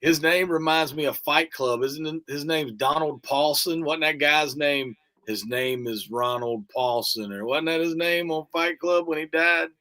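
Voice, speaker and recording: A man chatting casually about music he made, laid-back and quick to laugh. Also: fairly high pitch, fairly even intonation, pushed and bright. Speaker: musician reviewing his own album with a co-host. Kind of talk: casual chat.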